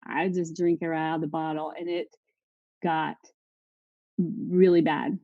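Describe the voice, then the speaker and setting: A woman's voice: low-pitched, flat delivery, a little slow, no room sound, muffled recording. A middle-aged woman telling her own recovery story to an audience, candid and emotional. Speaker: recovery speaker. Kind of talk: personal testimony talk.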